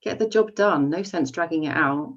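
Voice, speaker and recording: A woman reading the lines of a brusque, hardened male policeman in a low voice, as heard over muffled, distant audio. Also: moderate pace. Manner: curt and pushy.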